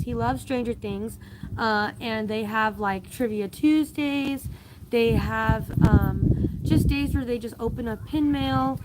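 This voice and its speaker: Chatty woman live-streaming, slightly high voice. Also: noisy background. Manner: chatty and rambling with many fillers and restarts. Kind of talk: casual live-stream chat reading viewer comments.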